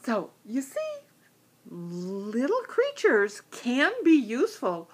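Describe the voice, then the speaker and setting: A woman telling a children's story, a storyteller with a gentle, animated way of speaking. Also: a little high, takes it slowly, husky.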